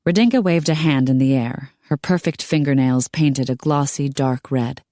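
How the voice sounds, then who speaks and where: Deep voiced lady reading an audiobook, steady, dry close mic. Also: moderate pace, few pauses, dry recording. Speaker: audiobook narrator. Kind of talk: scripted narration.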